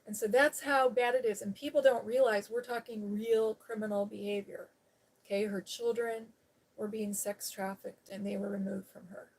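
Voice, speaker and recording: A woman's voice: a little high, steady tone, moderate pace, creaky, a little mellow. A woman hosting a live stream, telling a personal story in a frank, rambling casual chat full of "you know" and the odd laugh. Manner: laughs while talking.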